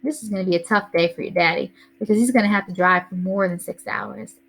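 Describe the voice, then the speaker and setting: A woman's voice: on the low side, fast talker, a bit bright. A woman reading aloud, voicing an organized mother who lists a road-trip plan step by step. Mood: businesslike. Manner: orderly, listing plans step by step. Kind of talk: reading a novel aloud to a class.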